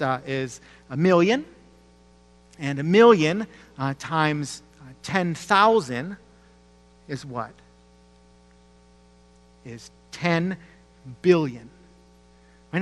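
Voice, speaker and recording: High-voiced male pastor in a reverberant hall. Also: a bit bright. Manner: conversational, emphatic repetition, rhetorical questions. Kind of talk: sermon.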